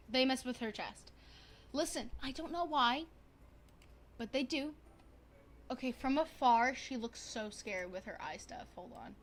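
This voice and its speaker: A young woman streaming a life-sim game, chatting casually to viewers in a bubbly, excitable way, gasping and repeating herself. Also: high voice, unhurried, long pauses. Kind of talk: casual gaming stream chat.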